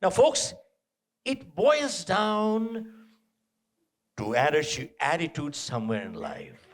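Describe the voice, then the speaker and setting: A man giving a live motivational talk to an audience, animated and punchy, repeating short phrases and throwing out rhetorical questions. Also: a little high, slow. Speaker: motivational speaker. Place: indoor event venue.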